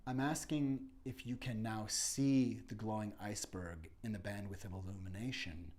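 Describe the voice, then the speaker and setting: A man delivering an impassioned spoken-word meditation, dropping to whispers and rising to shouts. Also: fairly low pitch, measured pace. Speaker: monologue speaker.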